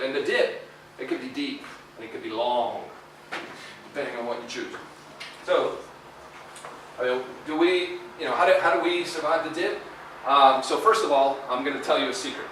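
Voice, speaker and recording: A slight hiss or hum accompanies this middle-aged man's somewhat high, fairly bright voice. Speaking as a guest lecturer in a lecture hall, he delivers a casual university career talk full of fillers and tag questions, picked up from far off in an echoey space.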